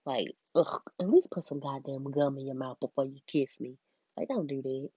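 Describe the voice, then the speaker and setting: A woman's voice: rumbling low, normal speed, dark tone, breathy edge, dry recording, muffled recording. A young woman telling a candid, profane story in her bedroom, bluntly and with laughs. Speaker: vlogger. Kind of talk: casual storytime vlog.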